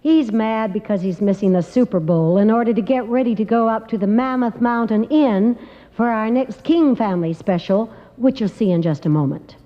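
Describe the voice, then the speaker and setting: A woman's voice: a little high, normal speed. Woman introducing an old TV special. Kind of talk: scripted TV introduction. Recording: dull old TV audio with reverb.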